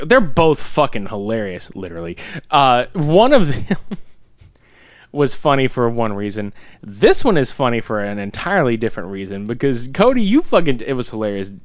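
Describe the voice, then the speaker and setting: An excitable young man recapping a movie on a podcast, swearing freely as he talks. His pitch jumps all over, and his voice comes through smooth and dry. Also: dry recording. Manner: excitable, swears a lot, laughs often. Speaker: podcast co-host. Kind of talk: casual movie recap chat.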